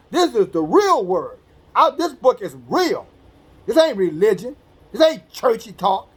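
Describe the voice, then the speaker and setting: High-voiced male preacher, plain-spoken and profane, reads verses then riffs in street talk. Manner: blunt, streetwise, profane commentary; acts out quoted speech in a conversational voice. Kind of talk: informal sermon with scripture reading.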